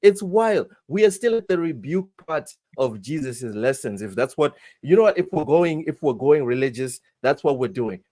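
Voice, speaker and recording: A man's voice: medium pitch, warm tone. Guy cohosting a gaming podcast, blunt, says stuff twice, mid voice. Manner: talks in repeated phrases, blunt. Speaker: podcast co-host. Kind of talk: casual chat.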